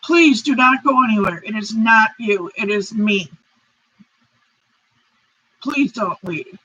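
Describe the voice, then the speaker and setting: A woman's voice: fairly high pitch, slow pace, sharp tone, husky. A woman hosting a casual crochet live stream, rambling apologetically and reading out chat comments. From United States. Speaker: crochet channel host. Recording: dull lo-fi stream audio.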